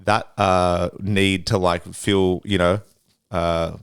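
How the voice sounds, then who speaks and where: A man's voice: sits low, takes it slowly, clear, resonant tone, no room sound, clean studio sound. A man co-hosting a podcast, chatting casually and telling stories with slang and swearing. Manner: animated storyteller, swears, slangy. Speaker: podcast co-host. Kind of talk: casual chat.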